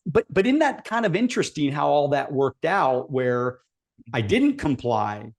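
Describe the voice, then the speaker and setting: A middle-aged man hosting a podcast conversation, speaking reflectively and haltingly, often restarting his sentences. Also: a little high, big pitch swings.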